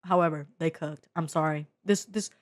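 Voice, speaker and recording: A young woman from the Bay Area giving a casual media review into her own mic, excitable and slangy, swearing freely and full of fillers. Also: sits low, moderate pace, no room sound. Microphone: own desk mic.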